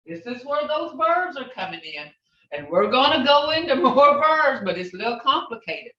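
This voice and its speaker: Heard from a distance over a video call, this high, very animated voice belongs to a language teacher running an online class at normal speed. Phrases are patiently repeated to model their tone, and the audio is roomy and dull.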